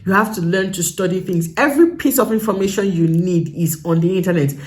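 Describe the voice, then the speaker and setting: A woman's voice: lowish voice, fairly quick. Emphatic Nigerian woman vlogging advice. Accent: Nigerian English. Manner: emphatic and repetitive, stressing points again and again. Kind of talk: casual advice vlog.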